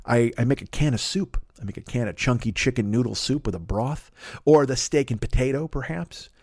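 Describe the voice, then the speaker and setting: A man in his fifties hosts a podcast, delivering a rambling, crude comic monologue with animated storytelling. His voice sits at medium pitch and moves fairly quickly. The recording is studio quality with no echo.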